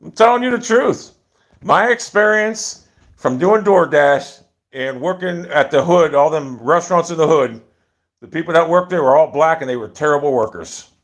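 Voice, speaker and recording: A man's voice: on the high side, moderate pace. A man telling stories in a casual, rambling monologue, blunt and profane, with many restarts. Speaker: storyteller.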